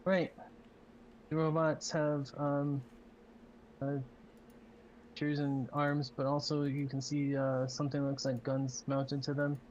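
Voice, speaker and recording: A game master narrating a tabletop game in a relaxed, hesitant way with frequent ums. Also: medium pitch, slow, long pauses, dull audio, slight background noise.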